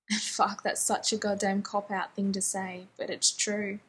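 Lady narrating fan fiction, quiet and intimate, husky airy voice, mid pitch. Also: level tone, unhurried, low-quality recording.

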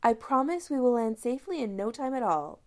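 A woman's voice: on the high side, sing-song, normal speed, darkish tone, voice pushed up. A woman voicing a perky British con woman with a British accent, coaxing and cheerful.

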